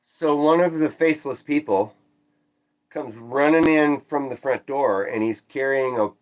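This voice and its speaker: A man livestreaming, casually recounting a strange dream and reading chat, with animated swoops up when quoting himself and self-deprecating asides. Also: medium pitch, unhurried. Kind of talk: casual rambling storytelling, reading chat aloud.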